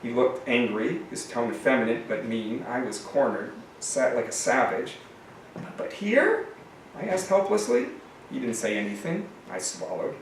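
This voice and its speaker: Author reading aloud in an echoey room. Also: male voice, mid-range voice. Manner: expressive reading, halting and filler-laden when talking freely. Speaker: author reading his novel. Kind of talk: reading aloud from a novel, then summarizing it. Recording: echoey room, mic at a distance, faint noise.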